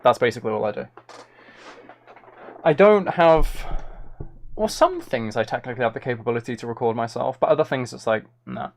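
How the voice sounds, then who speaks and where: Guy streaming and rambling at chat, goofy and over the top, pitch jumping all over. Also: sing-song, fairly quick, long pauses, slight background noise. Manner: playful, rambling, mock-dramatic. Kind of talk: casual live-stream chat.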